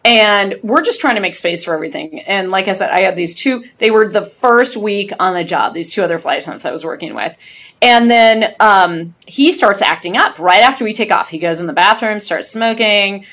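A woman who works as a flight attendant, a guest telling a story in casual podcast chat, lively and laughing between phrases. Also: mid-range voice, normal speed.

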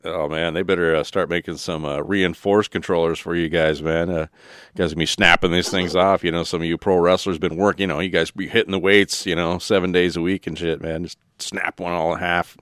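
A man's voice: sits low, flat delivery, brisk, a bit bright, no room sound. A man hosting a podcast in casual chat, rambling and loose with lots of fillers. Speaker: podcast host.

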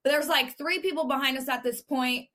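Woman cohost, cussing a lot, bright sharp voice, lively storytelling. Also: sits high, normal speed. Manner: profane, animated storyteller. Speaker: podcast co-host. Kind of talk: casual storytelling chat.

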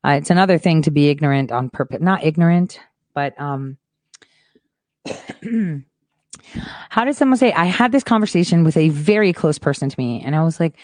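Woman, host, ranting monologue, frustrated, swears freely, fairly low voice, dry close sound. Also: lively intonation, moderate pace, long pauses, no echo. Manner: swings between hushed mutters and loud boasting.

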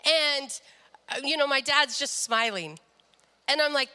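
A woman's voice: high-pitched, animated, measured pace, pushed and bright, long reverb tail. A young woman sharing a personal faith story in an earnest devotional talk, often quoting people in their own voices. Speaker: speaker sharing a testimony.

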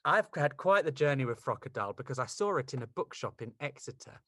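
A man hosting a podcast, chatting with a guest in an animated, gushing, theatrical way. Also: medium pitch, fast, noisy background. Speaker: podcast host. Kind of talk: casual interview chat.

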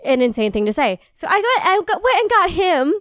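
A woman co-hosting a podcast in casual chat, animated, laughing often and swearing freely. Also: extremely high pitch, brisk, dry recording, studio quality. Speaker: podcast co-host.

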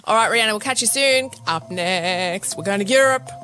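A woman hosting a radio show, chatting in a playful, quick-witted way and bantering with her co-host. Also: mid-range voice, expressive, sharp tone, soft background music.

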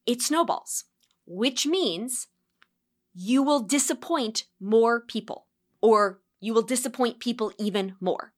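Earnest woman podcasting, fairly high voice. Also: takes it slowly. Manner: earnest, acts out sighing self-talk. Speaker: podcast host. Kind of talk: solo podcast monologue.

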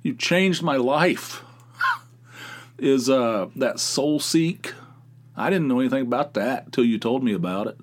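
A man's voice: medium pitch, a little slow, noisy background. Guy doing his podcast, super casual and rambly, lots of you-knows and ums. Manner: rambling, laid-back, many fillers. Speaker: podcast host. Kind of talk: casual solo podcast chat.

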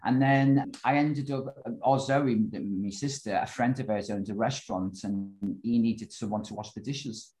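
A man in his forties with a Liverpool accent, a guest telling his life story in a casual, animated way and often saying "you know". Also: fairly low pitch, normal speed, few pauses, low-quality recording. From Liverpool, England.

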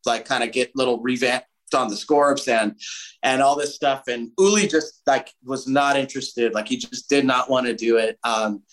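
A man, a musician guest, telling a story in a casual interview, animated and swearing freely. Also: medium pitch, poor audio. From United States.

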